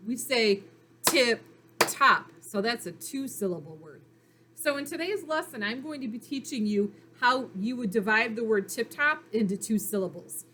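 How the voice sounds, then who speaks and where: A woman teaching young children phonics in a recorded lesson, speaking slowly and clearly in an encouraging way. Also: fairly high pitch, a bit bright, slight background noise.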